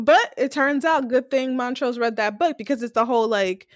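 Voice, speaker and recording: A young woman co-hosting a casual recap podcast, retelling scenes with lively acted-out quotes. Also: on the high side, normal speed, no room sound, studio quality. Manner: animated retelling, acting out characters' lines. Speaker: podcast co-host.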